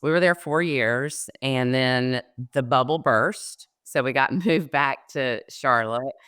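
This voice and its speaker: A woman's voice: extremely low pitch, takes it slowly, a bit bright, clear, resonant tone, no room sound, clean studio sound. A middle-aged woman with a Southern American accent, telling her career story as an interview guest with plenty of ums. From Southern United States. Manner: chatty storyteller, frequent ums, laughs easily. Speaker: guest, loan officer. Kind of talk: conversational interview.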